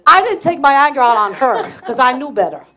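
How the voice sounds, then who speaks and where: Woman pastor, high-pitched, animated storyteller, laughing and shouting from the pulpit. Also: fairly quick. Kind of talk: sermon with personal storytelling.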